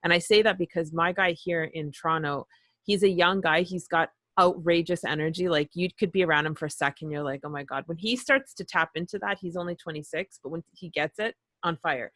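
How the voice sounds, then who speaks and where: Lady host telling a story, swears a lot, lowish voice, dry sound. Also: brisk, a bit bright, no room sound. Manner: candid storyteller who swears freely. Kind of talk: casual interview chat. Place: Toronto.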